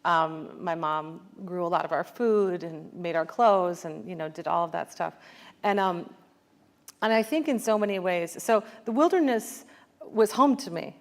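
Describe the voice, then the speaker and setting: A woman's voice: on the low side, measured pace. An American woman, an author, talking reflectively in an onstage conversation, with many fillers and restarts. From United States. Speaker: author guest.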